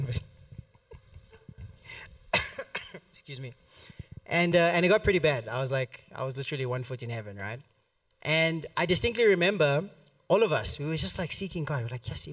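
A man's voice: a little high, moderate pace, pauses often, no echo, recorded from a distance. A man preaching a sermon at a church service, telling a story and acting out the quotes with plenty of laughter. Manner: animated, acts out quotes, laughs often.

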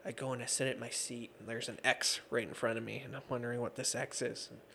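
On an interview show, a thirty-something MMA referee and judge recounts stories in a laughing, filler-heavy, chatty manner. He talks quickly at a medium pitch with little pitch movement, vocal fry and a sharp tone, over a little hiss or hum.

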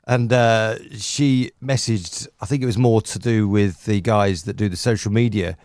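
Lively-voiced man co-hosting a podcast. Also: on the low side, normal speed, dry recording, studio quality. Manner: jokey, often slips into a put-on Irish voice. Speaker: podcast co-host. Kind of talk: casual chat.

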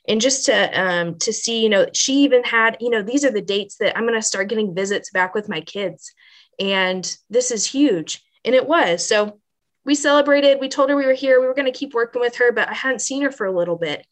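Woman on a podcast telling a heartfelt story, kinda high voice, earnest and animated, lots of likes and you knows. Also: normal speed. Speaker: pregnancy center manager, podcast guest. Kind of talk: emotional personal storytelling on a podcast.

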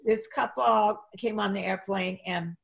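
A middle-aged woman telling lively anecdotes in an interview, jumping up in pitch as she acts out what people said. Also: a little slow, vocal fry, slight background noise. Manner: animated, acts out quotes in a high excited voice, frequent restarts. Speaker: actress and flight attendant, interview guest. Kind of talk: conversational storytelling.

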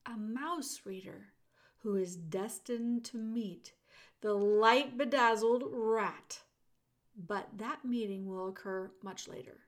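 A woman narrating a children's audiobook, talking straight to the listener with expressive storyteller pacing. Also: fairly high pitch. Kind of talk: audiobook reading of a children's novel.

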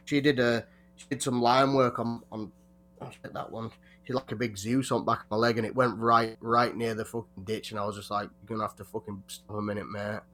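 A man's voice: medium pitch, level tone, a bit bright. A man in a mid-range voice rambles through casual podcast chat. He stops and restarts often and swears freely as he goes. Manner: rambling, halting, heavy swearing.

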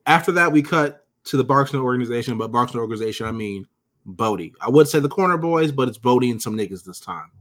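A man's voice: mid-range voice, expressive, quick pace, fairly bright tone. A man co-hosting a podcast, casually recapping scenes in a profane, joking way. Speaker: podcast co-host.

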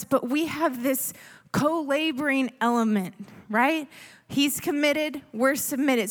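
A woman preaching a sermon, earnest and pleading, sometimes dropping to a hush. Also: sits high. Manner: earnest, pleading, with soft hushed asides.

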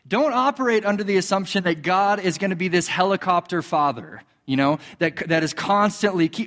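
A man preaching a sermon as a pastor, animated, acting out quoted voices. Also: normal speed, hardly any pauses, long reverb tail. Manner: animated, acts out quoted voices in a higher pitch.

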